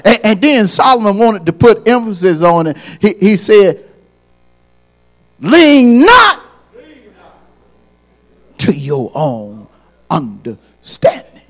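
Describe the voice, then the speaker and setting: A man preaching a sermon as pastor, repeating his points and building from quiet lines to loud, high, shouted peaks. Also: lively intonation, a little slow.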